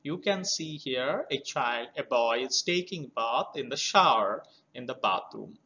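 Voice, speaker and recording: A man teaching a children's poem, explaining words slowly and spelling them out letter by letter. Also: mid-range voice, expressive, sharp tone. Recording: slightly dull lo-fi recording.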